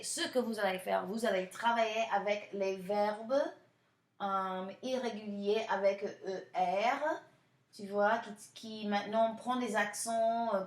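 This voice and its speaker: Patient French teacher in an echoey room. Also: female voice, mid-range voice. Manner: patient, drills conjugations slowly and repeats often. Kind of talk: recorded classroom lesson, switching between French and English.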